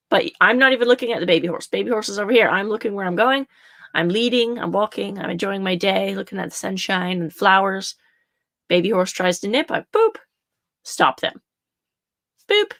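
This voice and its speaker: A woman's voice: medium pitch, a bit bright, dry recording, clean studio sound. A young adult woman horse riding coach giving casual teaching talk, chatty and repeating her points for emphasis.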